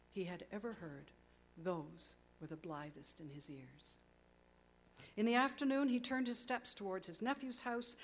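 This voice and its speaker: A woman narrating a classic story aloud with expressive, dramatic pacing that slows on key words. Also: mid-range voice.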